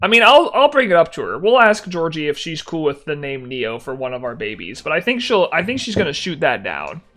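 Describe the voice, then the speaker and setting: A man's voice: fairly high pitch, very animated, brisk, sharp tone. A young man chatting casually on a live stream, reading chat aloud and answering in mock annoyance, laughing between lines.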